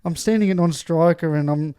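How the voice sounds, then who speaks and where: Young Aussie male co-host, slightly high mellow voice, quick banter, swears. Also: smooth. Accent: Australian. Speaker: podcast co-host. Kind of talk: casual sports chat.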